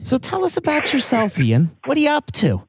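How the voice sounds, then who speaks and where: A man's voice: extremely high pitch, wildly swooping pitch, a little fast, creaky, husky, no echo, studio quality. A man co-hosting a podcast in casual chat, teasing and playful. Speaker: podcast co-host.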